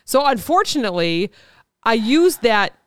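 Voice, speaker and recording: A woman's voice: fairly high pitch, very animated, moderate pace, smooth, dry recording, clean studio sound. A woman with a Midwestern accent co-hosting a podcast, chatting casually in a rambling, self-deprecating way. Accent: Midwestern American. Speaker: podcast co-host. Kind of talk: casual chat.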